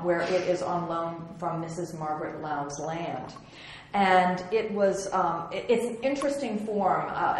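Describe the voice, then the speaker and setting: A woman's voice: on the low side, a little mellow. Woman giving a slide talk, lots of ums and dry jokes, big echoey room. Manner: chatty and wry, with many ums and restarts. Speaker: museum curator giving an illustrated lecture. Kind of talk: slide lecture on historical prints. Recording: very echoey room with faint hiss.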